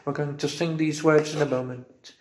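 A man preaching a sermon, slow and fervent, rising into repeated exclamations. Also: a little high, fairly even intonation, a little mellow, a little hiss or hum. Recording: roomy echo.

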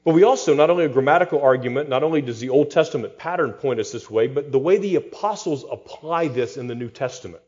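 A man's voice: medium pitch, lively intonation, fast, hardly any pauses, darkish tone. Man preaching a sermon, slightly dull sound. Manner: expository preaching with dry humor and rhetorical questions. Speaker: pastor.

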